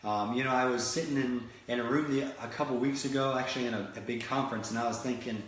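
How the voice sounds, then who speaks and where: Speaking fast with hardly any pauses, a motivational speaker from Florida delivers his talk at medium pitch and fairly even intonation. His animated storytelling is full of restarts, and the room echoes heavily.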